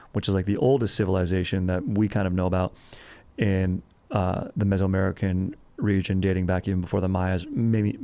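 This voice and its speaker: A man hosts a casual history podcast, his voice sitting a bit low. He rambles loosely with plenty of ums and crude jokes, keeping the tone relaxed and chatty. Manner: loose and jokey, with many fillers and crude asides. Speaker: podcast host.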